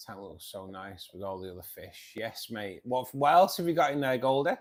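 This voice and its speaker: A man's voice: on the low side, normal speed, few pauses. A tired man hosting a fishkeeping live stream, chatting casually, reading viewer comments and calling everyone mate. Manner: chatty, says "mate" often, rambling restarts.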